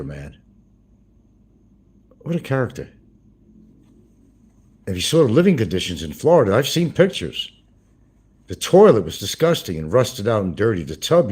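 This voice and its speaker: Husky-voiced man rambling through crude gossip. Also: on the low side, darkish tone. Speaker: livestream host. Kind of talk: casual livestream commentary.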